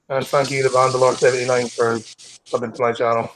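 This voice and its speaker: A Scottish man hosting a live stream, reading news stories aloud casually, stumbling over words and clearing his throat. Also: medium pitch, little pitch movement, fairly quick, soft background music, poor audio.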